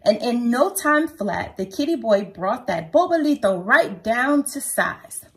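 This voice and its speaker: A woman reading a children's picture book aloud at home, lively and playful, with a sing-song delivery. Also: a little high, a little slow, breathy edge.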